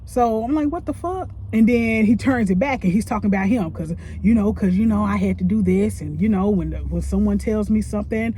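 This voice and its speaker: A woman who works as a cook, venting about her job in a profane, animated rant while she eats on camera, talking close into a phone. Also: brisk, hardly any pauses, slight background noise. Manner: profane, animated, with big swings in pitch. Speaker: line cook. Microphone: phone held close.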